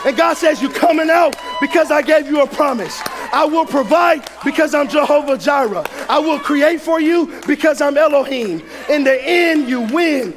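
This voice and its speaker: High-pitched shouting preacher man. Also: moderate pace, few pauses. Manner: shouting, animated preaching with acted-out voices. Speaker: pastor. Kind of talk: sermon.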